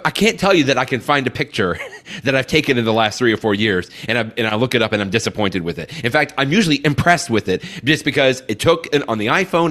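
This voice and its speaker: A man co-hosting a podcast in casual chat, agreeable and quick to laugh. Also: medium pitch, a bit bright. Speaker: podcast co-host.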